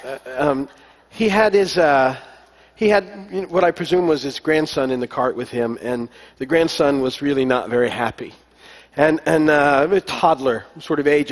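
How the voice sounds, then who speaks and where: Male pastor, fairly high voice, loose rambling sermon with ums and restarts, long hall reverb. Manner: relaxed storytelling with many fillers and restarts. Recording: long echo of a large hall.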